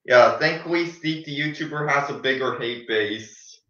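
Young guy on a stream, tired halting talk, bright voice, echoey lo-fi sound. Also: medium pitch. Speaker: stream co-host. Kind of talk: casual chat. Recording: lo-fi, echoey room.

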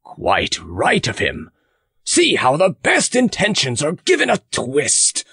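A man's voice: on the high side, huge pitch swings, takes it slowly, creaky, husky, no echo, clean studio sound, pitched above the performer's own voice, full character voice. A man as a blustering hearty old farmer. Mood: emphatic. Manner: loud, emphatic, roaring.

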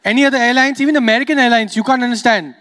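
A man's voice: very high-pitched, racing, bright, forceful tone, long reverb tail. A man from the Emirates doing stand-up comedy on stage, chatty and teasing, working the crowd. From United Arab Emirates. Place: comedy stage before a live audience.

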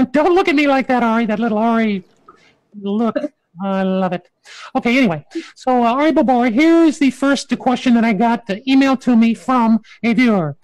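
High-voiced rambling comic man host. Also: no echo, rough recording. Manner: chatty, self-mocking, stumbling. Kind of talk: rambling comic talk-show hosting.

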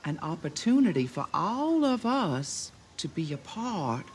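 A woman's voice: fairly low pitch, big pitch swings, measured pace, a little hiss or hum. An actress playing an enthusiastic woman addressing a group of girls in a film clip. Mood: eager. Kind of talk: film dialogue. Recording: film clip played in studio.

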